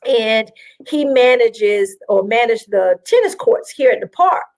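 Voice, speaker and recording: As a guest on an interview show, a South Carolina woman tells her story in an animated, chatty manner, peppered with fillers. Her voice is slightly high, her pace measured, and the recording is rough.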